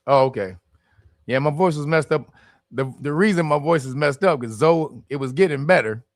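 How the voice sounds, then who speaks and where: A man's voice: a little high, moderate pace, no room sound, studio quality. A man hosting a casual livestream with a strained voice, chatting in loose, profane banter and laughing often. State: strained voice from screaming. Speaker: livestream host.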